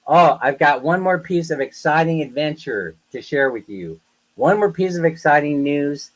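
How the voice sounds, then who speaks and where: A man hosting a live stream, rambling through animated stories in casual chat with viewers. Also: on the high side, normal speed, low-quality recording. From United States. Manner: rambling, animated, chatty storytelling. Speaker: livestream host.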